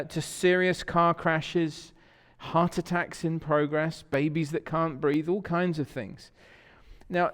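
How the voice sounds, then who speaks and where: English guy preaching, kinda high voice, chatty storytelling, long church echo. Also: clean tone. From England. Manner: conversational storytelling, asks the congregation questions. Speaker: pastor. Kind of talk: sermon. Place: church sanctuary.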